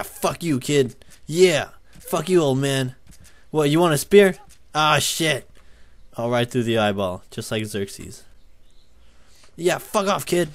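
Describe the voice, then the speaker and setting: A young man talks through a game at an unhurried, drawn-out pace and an ordinary pitch. He swears often and bursts into loud yells whenever he crashes or pulls off a stunt. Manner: excitable, swears often, yells at wins and deaths. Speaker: gaming YouTuber. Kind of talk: gameplay commentary.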